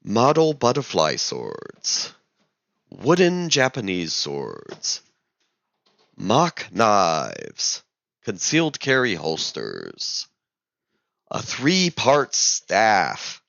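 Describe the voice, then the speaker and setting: Male vlogger, very low and gravelly, lively storytelling, dull lo-fi dry sound. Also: extremely slow, dry recording. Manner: animated, exasperated storytelling. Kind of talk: casual storytelling vlog.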